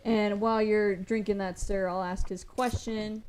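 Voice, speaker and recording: A woman's voice: mid-range voice, little pitch movement, a little slow, very noisy. A woman co-hosting a live-stream comedy show, upbeatly reading viewer messages and questions aloud.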